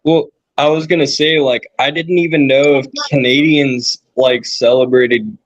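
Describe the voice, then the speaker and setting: A man's voice: mid-range voice, fairly even intonation, measured pace, dry recording, muffled recording. A man in a casual chat, rambling with lots of fillers.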